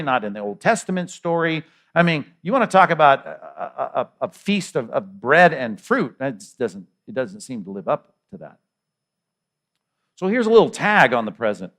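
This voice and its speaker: A man's voice: fairly high pitch, fairly bright tone. A middle-aged male pastor preaching a sermon in a conversational way, with repeated words and rhetorical questions.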